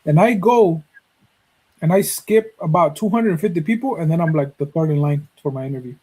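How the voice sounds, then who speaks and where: A man in his thirties, originally from Mexico, hosting a podcast and telling a personal story in a casual, profane, animated way. He acts out the dialogue he quotes. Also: fairly high pitch, normal speed, breathy edge, low-quality recording. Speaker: podcast host.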